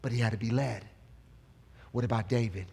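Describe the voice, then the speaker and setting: A man pastor giving a live sermon in a church, speaking with energy, rising to shouts and asking the congregation questions. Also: mid-range voice, fairly quick, creaky, slightly rough.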